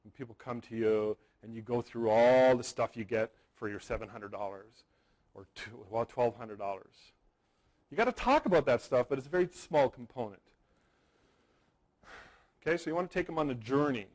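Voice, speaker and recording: A man in his forties giving a live seminar, talking straight to the room. He tells stories, repeats words for emphasis and keeps checking in with his listeners. His voice sits at an everyday middle pitch. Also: expressive, moderate pace, a little mellow, rough recording. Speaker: wedding photography seminar presenter. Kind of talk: live seminar talk to an audience.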